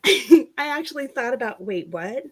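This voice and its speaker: A woman's voice: high-pitched, expressive, unhurried. Chatty middle-aged woman hosting a livestream. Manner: chatty storyteller, laughs often, many restarts. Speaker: livestream host. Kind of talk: casual livestream chat.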